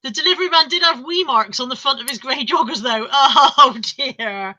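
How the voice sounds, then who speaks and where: A woman's voice: sits high, normal speed, lo-fi sound, a loud crowd. A woman co-hosting a casual live-stream chat, rambling through stories and laughing often. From England.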